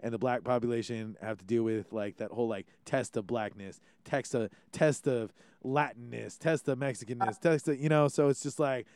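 A man from Hawaii, hosting a casual podcast chat in an animated, swearing way. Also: medium pitch, moderate pace, hardly any pauses, smooth, dry recording. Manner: animated, swearing, many restarts. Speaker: podcast host.

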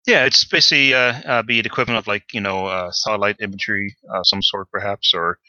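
A man narrating as game master in a tabletop game, halting with many fillers. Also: fairly low pitch, fairly even intonation, pushed and bright, no room sound, dull audio.

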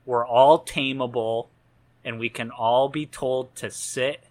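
A man's voice: mid-range voice, fairly even intonation, slow pace, a little mellow. A man co-hosting a casual movie podcast, rambling and joking as he talks through scenes. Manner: rambling, jokey, laughs at own lines. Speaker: podcast co-host. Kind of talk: casual film discussion.

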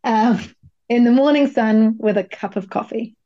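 A woman with a New Zealand accent talks candidly and expressively as a podcast guest over a video call, casually dropping the odd swear word. Her voice is mellow and relaxed. The call audio sounds a little dull and lo-fi. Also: fairly high pitch, normal speed. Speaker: guest, coach and facilitator.

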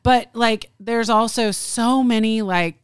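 Woman co-host, casual and talkative, smooth clear tone, dry close mic. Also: on the high side, takes it slowly, dry recording. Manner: chatty, swears freely, runs on with fillers. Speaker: podcast co-host. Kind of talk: casual chat.

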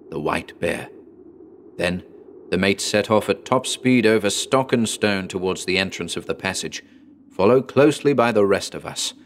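A man giving a measured, dramatic scripted narration of a horror story. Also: sits low, slight background noise. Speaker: audiobook narrator.

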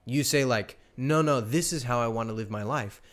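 A young man in casual conversation on a live stream, with a mid-range voice. He tells stories with energy and acts out the exchanges he describes, his pitch jumping up for the quoted bits. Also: normal speed, a bit bright. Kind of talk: casual chat.

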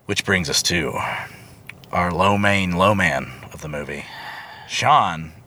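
A man co-hosting a podcast, reviewing a movie in casual chat with a sarcastic, animated manner. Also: sits low, dry recording. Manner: sarcastic, animated, quick asides. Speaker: podcast co-host.

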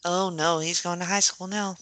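A woman co-hosts a casual movie watch-along podcast. Her voice is bright and forceful. She reacts quickly and playfully, and the sound is dry and close. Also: lowish voice, fairly even intonation, no echo. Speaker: podcast co-host.

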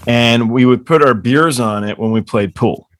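A man guesting as the author in a casual book club conversation rambles through profane stories, often laughing. His mid-range voice moves at a moderate pace, with no room sound in the recording.

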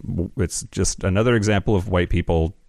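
A man's voice: low-pitched, fairly quick, creaky, darkish tone, no echo, studio quality. A man co-hosting a podcast in casual chat, blunt and wry. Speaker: podcast co-host.

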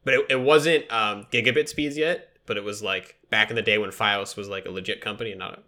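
Man, podcast co-host, bright voice, joking casual chat. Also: on the low side, fairly even intonation, a little fast. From Irish heritage. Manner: joking, laughs often.

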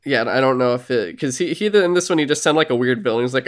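A male podcast co-host talks casually about a game he finished. He recaps the plot and slips into quick character voices along the way. His voice sits at a middle pitch. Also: clear, resonant tone. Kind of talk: casual chat.

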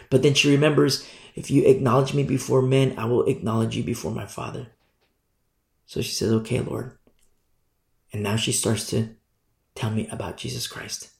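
A man preaching a Bible study, emphatic, often asking "you see?" and swinging from loud bursts to quiet asides. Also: medium pitch, normal speed, creaky. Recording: roomy echo.

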